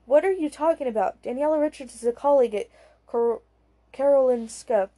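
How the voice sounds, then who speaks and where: A weary husband protests his innocence with rising disbelief, as a female narrator reads him. The voice stays fairly high and mellow. He has the tone of a tired man who is cornered. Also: brisk. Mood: defensive. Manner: defensive, incredulous. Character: exhausted husband, middle-aged man, defensive.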